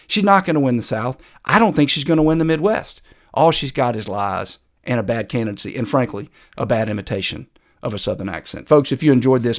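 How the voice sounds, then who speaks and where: A man hosting a political commentary video, combative and sarcastic, talking straight to his viewers. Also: medium pitch.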